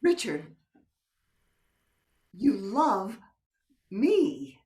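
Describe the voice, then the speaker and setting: During a play reading over video call, an older woman acts as a coy, soothing, unfaithful wife in middle age, teasing and sometimes dropping into a whisper. Her medium-pitched voice is warm and highly animated, and she speaks extremely slowly. Her position is a bit back from the microphone.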